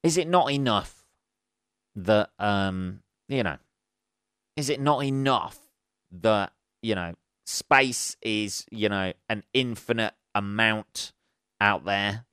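Male podcast host, casual solo monologue, sarcastic and sweary; low-leaning, clean voice, dry close recording. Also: slow, pauses often, a bit bright, clean tone, dry recording. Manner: laughs at his own jokes.

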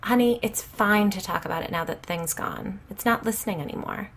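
Woman doing a loud, foul-mouthed gossipy mom, pitched up, blunt. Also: gravelly. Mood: conspiratorial. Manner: blunt, swearing, rapid gossipy.

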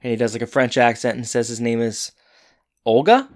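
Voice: medium pitch, a little fast. A playful co-host casually recapping a show, joking and acting out characters' lines. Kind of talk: casual chat.

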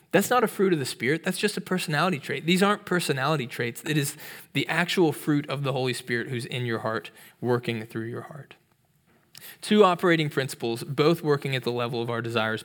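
A man preaching a sermon as a pastor, in a conversational way with restarts and tag questions. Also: a bit bright. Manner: acts out storybook voices in a higher pitch.

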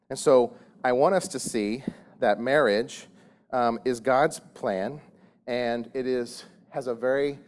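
A pastor with a mid-range, somewhat dark voice addresses his congregation casually, cracking jokes as he preaches. He often restarts and repeats words, and there's slight background noise.

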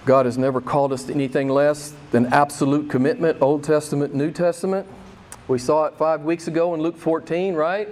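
Male pastor, high-pitched voice, preaching with emphatic repetition. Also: a little mellow. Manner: emphatic, repeats key phrases for effect; mimics voices with raised pitch when quoting. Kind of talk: sermon.

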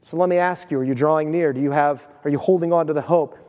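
A man's voice: fairly high pitch, steady tone, quick pace, darkish tone. A man preaching a sermon as pastor, telling everyday stories and asking the congregation direct questions. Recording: long hall reverb.

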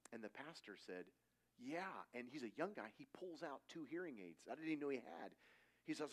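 A man's voice: mid-range voice, lively intonation, normal speed. A middle-aged man giving a conversational sermon, telling stories casually and acting out quoted voices. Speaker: preacher.

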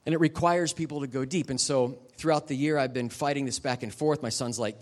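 A middle-aged man giving a guest sermon at a church service. He tells personal stories in a candid, emotional way and turns to the audience with quick asides. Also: medium pitch. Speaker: guest preacher. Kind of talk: conversational sermon ending in prayer.

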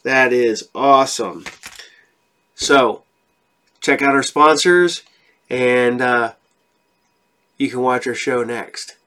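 A presenter giving a loose, excited promo while opening products, repeating phrases. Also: medium pitch, takes it slowly, long pauses. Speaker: sponsor segment presenter. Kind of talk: casual promo unboxing.

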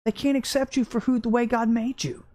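A woman preaching an informal livestream sermon, earnest and animated, repeating phrases for emphasis. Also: a little high, a little fast. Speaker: preacher hosting a livestream devotional.

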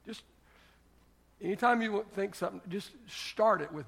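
A man's voice: sits high, moderate pace, gravelly, fairly bright tone, slightly rough. An older man preaching a sermon on marriage as pastor, telling folksy family stories and building to emphatic exhortation.

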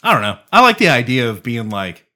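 A man co-hosting a podcast in casual chat, profane and excitable, arguing with emphasis. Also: medium pitch, fairly quick. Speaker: podcast co-host.

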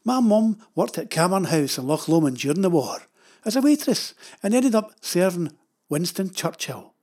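An older man voicing his elderly Scottish father-in-law, a folksy old storyteller, in a slightly raised husky voice. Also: high voice, big pitch swings, moderate pace, a little mellow, full character voice. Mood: reminiscing.

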